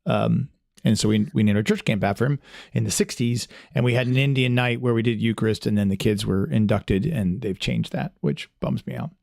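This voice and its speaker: A man's voice: medium pitch, fairly even intonation, a little fast, gravelly, darkish tone, dry recording, clean studio sound. A man hosting a podcast in casual chat, rambling with many restarts and fillers in a friendly, chatty way. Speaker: podcast host.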